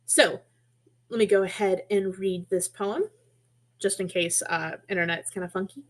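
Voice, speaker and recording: A woman in a middle pitch leads a webinar lesson on poetry and musical rhythm. She explains in a friendly, casual way, with small asides and quick self-corrections. Her voice comes through a computer mic on a web call. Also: steady tone. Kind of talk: online teaching presentation.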